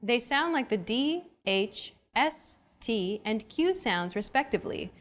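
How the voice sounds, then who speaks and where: A woman hosting a language lesson, explaining pronunciation in clear, scripted narration. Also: fairly high pitch, big pitch swings, a little slow. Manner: clear, explanatory teaching delivery.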